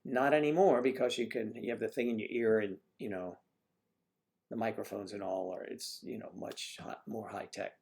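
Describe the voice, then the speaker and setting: During a casual livestream chat, the male host rambles and keeps tossing asides to his audience. He has a lowish, slightly mellow voice with a steady tone and a normal speaking speed.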